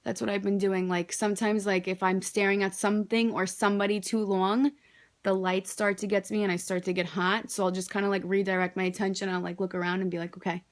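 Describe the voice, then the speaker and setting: A woman's voice: medium pitch, flat delivery, quick pace. A young woman talking casually to her camera, candid and rambling, peppering her speech with "like" and frequent swearing. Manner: candid, rambling, swears freely, says "like" often. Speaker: vlogger.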